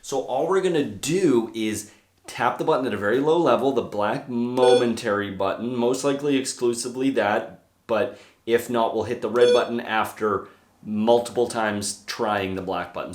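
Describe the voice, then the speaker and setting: Young male trainer, casual hands-on teacher, mid-pitched, echoey room sound. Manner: brisk, hands-on explaining with demonstrations. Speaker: dog trainer. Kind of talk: casual instructional talk. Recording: roomy echo.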